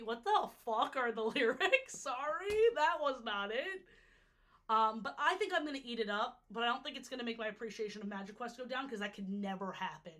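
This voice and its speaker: Bright chatty young woman livestreaming. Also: a little high, expressive, brisk. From New York. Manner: chatty, jokey, easily sidetracked. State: slightly worn-out voice. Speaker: streamer ranking water parks. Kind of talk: casual livestream chat.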